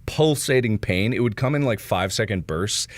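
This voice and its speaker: A young adult man from the United States telling a personal story in a casual monologue, acting out quotes with loud high yelps and frequent laughter. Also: lively intonation, normal speed, no room sound. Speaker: video host.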